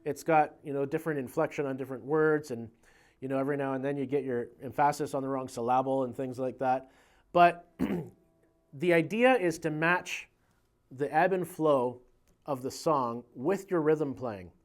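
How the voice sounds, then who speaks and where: A man giving a casual guitar lesson in a relaxed, conversational way, counting beats aloud as he explains. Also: mid-range voice, normal speed. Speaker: guitar teacher. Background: guitar playing.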